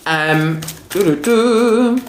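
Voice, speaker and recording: With a mid-range voice and drawn-out words, this spiritual reader and coach hosts a live oracle reading. She's affectionate, calls viewers sweetie and darling, often asks "right?", and laughs as she speaks, all in an echoey room with faint noise behind her.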